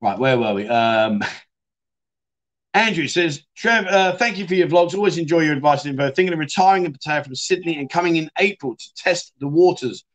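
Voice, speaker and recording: A middle-aged livestream host with a high-leaning, animated voice talks at normal speed, casually reading out viewer comments and joking along in a chatty way.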